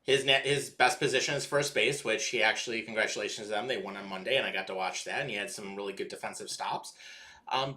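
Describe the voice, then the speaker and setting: Bright, animated man chiming in. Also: on the low side, fast. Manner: agreeable, chiming in with backchannels. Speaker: podcast co-host. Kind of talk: casual sports talk.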